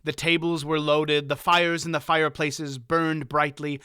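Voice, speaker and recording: Bright crisp male audiobook narrator. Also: a little high, little pitch movement, a little slow, no echo, studio quality. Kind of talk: scripted narration.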